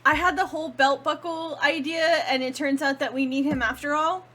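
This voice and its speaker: A woman with a fairly high voice, chatting casually as a player in a tabletop roleplaying game. She laughs easily and trails into quick asides, with faint ambient noise behind her. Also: fairly even intonation, pushed and bright. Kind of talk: casual chat.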